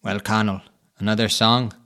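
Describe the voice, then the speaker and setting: A man voicing a big one-eyed male cat who leads a pack, with a loud, drawn-out commanding delivery. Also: deep voice, completely flat delivery, natural voice. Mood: menacing.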